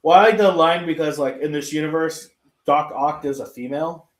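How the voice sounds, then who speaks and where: Male co-host, slightly high voice, profane rambling storyteller, echoey room. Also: fairly even intonation, fairly quick. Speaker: podcast co-host. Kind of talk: casual chat. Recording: roomy echo.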